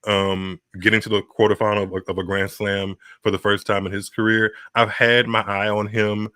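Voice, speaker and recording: A man with a very low voice and a bright, forceful edge, co-hosting a casual tennis chat. He rambles and restarts his sentences. The sound is dry and close. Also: flat delivery, normal speed, clear, resonant tone, no echo. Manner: rambling, restarts, laughs often. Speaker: podcast co-host.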